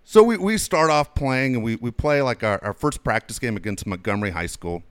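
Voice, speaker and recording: Male co-host, lively swooping delivery, dry close-mic sound, swearing storyteller. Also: fairly quick, smooth, no echo. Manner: animated, profane anecdotes with swings in pitch. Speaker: podcast co-host. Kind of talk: casual storytelling.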